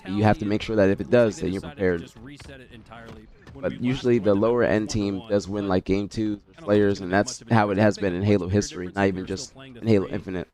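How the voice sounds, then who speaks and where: Congested low-voiced male streamer. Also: a little fast. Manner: relaxed, rambling, talks to chat by name. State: congested from a cold. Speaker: streamer hosting a watch party. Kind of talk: casual stream chat reading chat messages.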